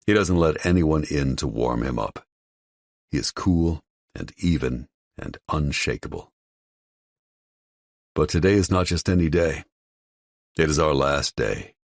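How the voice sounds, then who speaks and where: A man narrating an audiobook in the first person, telling the story in a measured, brooding way. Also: very deep voice, no echo, clean studio sound.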